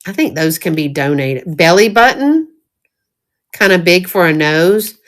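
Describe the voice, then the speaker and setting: A woman's voice: fairly low pitch, lively intonation, unhurried. A middle-aged woman with a Southern US accent, chatting casually and folksily while showing thrifted jewelry, often breaking into giggles. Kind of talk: casual live-stream chat.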